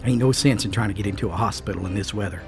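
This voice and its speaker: A man voicing a blunt, matter-of-fact old country doctor in a low, gravelly voice. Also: very fast, music in the background, lightly acted. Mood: grim.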